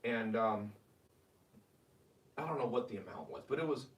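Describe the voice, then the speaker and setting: A man's voice: mid-range voice, big pitch swings, moderate pace, reverberant, far from the mic. A man hosting a live-streamed money advice talk. He talks with energy and reads viewer comments aloud. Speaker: host.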